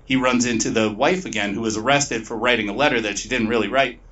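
A man's voice: mid-range voice, a bit bright, distant mic. A man talks through a story's plot in loose, rambling chat, swearing freely and dropping into brief mock voices for the characters. He sits back from the mic, and the recording sounds dull and muffled. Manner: profane, rambling retelling with quick put-on voices. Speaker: podcast co-host. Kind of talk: casual plot recap.

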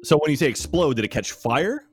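A man's voice: a little high, sing-song, fairly quick, soft background music. A man playing along as a contestant, questioning playfully. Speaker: game contestant. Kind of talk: casual game show banter.

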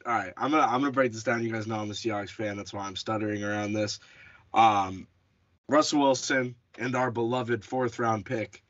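A man's voice: medium pitch, a bit bright. Casual man hosting a sports chat. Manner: chatty, restarts and self-corrections. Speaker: podcast host. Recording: dull lo-fi audio.

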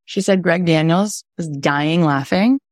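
A middle-aged woman coaching on podcasting, telling a story with lively quoted voices. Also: on the low side, a little slow, dry recording, clean studio sound. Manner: animated storyteller acting out quotes. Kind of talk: energetic teaching livestream.

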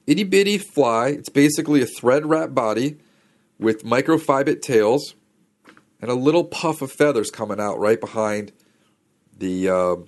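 A man talking casually as a podcast host, chatty and slangy, drifting from one tangent to the next. His voice sits at an ordinary middle pitch, neither deep nor high. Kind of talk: casual storytelling.

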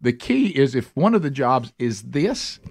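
A man's voice: mid-range voice, big pitch swings, measured pace, creaky, darkish tone, no room sound, clean studio sound. A middle-aged man, hosting a comedic talk radio show and telling rambling stories with lots of restarts.

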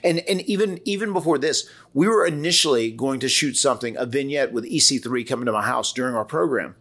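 A man's voice: medium pitch, fast talker, a bit bright. Rambling Southern man telling stories. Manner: rambling storytelling with quoted voices and restarts. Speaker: wrestler and podcast co-host. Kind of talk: casual podcast conversation.

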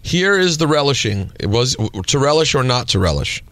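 A man's voice: medium pitch, very animated, moderate pace, sharp tone, no echo. A man hosting a sports radio show, joking and playing referee between his arguing co-hosts in a studio.

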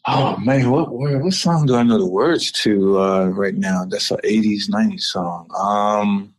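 A man's voice: on the low side, measured pace. Middle-aged man, ex-athlete guest on a phone call, loose and laughing, repeats himself as he spins a yarn. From North Carolina. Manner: laid-back, laughs often, repeats phrases. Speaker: interview guest, former football player. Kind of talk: casual storytelling over the phone.

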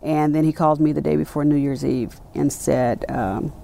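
A woman in her late fifties speaks as an interview guest, her voice low and edged with gravelly fry. She tells her story with lively energy and acts out each quoted exchange as she goes. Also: normal speed, hardly any pauses. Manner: animated storyteller acting out quoted dialogue. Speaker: interview guest, sports executive. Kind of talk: conversational interview.

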